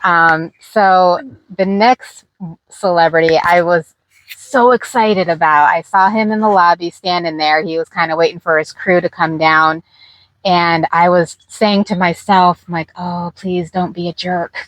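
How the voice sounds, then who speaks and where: A woman's voice: fairly low pitch, unhurried, a bit bright, no echo, rough recording. A middle-aged woman casually telling stories with lots of fillers and laughs. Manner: chatty, laughing, many fillers. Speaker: host. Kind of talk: casual storytelling chat.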